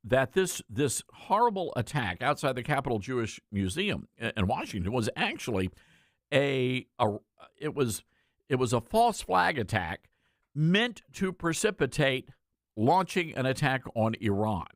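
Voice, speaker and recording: A man's voice: mid-range voice, big pitch swings, unhurried, no room sound, clean studio sound. A male talk show host giving a political commentary monologue, emphatic and conversational, repeating words for stress and speaking directly to his listeners.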